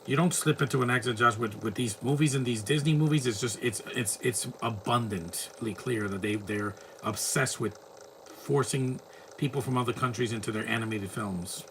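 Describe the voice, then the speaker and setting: A man's voice: mid-range voice, normal speed, slight background noise. A man giving casual, opinionated film commentary over a movie, rambling and ranting in asides.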